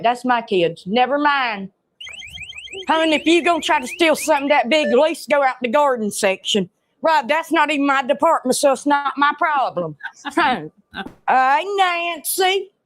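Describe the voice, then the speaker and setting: A woman's voice: high-pitched, animated, moderate pace. A woman with a Southern US accent playing a chatty, gossiping store greeter in a comedy sketch, with a blunt drawling delivery. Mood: sassy.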